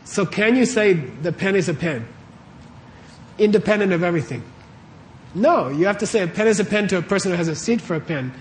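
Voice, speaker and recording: A man's voice: high-pitched, expressive, fairly quick, slight background noise. Man teaching in a casual lecture. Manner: conversational, questions the audience often, lots of okays. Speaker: Buddhist teacher. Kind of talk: casual dharma lecture to a live audience. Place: warm room with a live audience.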